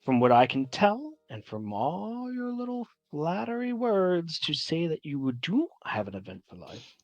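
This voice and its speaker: A composed mother speaks with quiet pride and an undertone of sternness, put on by a man at the table. The delivery is measured and soft, sometimes sinking almost to a hush. The sound is dry and close, with faint music underneath. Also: on the high side, huge pitch swings, no echo, muffled recording, voice pushed up, heavily acted. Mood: proud, stern.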